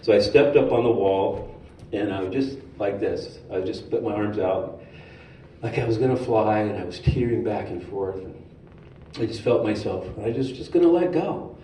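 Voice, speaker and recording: A man giving a sermon in a storytelling way, animated and humorous. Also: on the low side, moderate pace. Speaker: speaker at a spiritual center. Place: hall of a spiritual center. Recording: roomy hall, distant mic, faint noise.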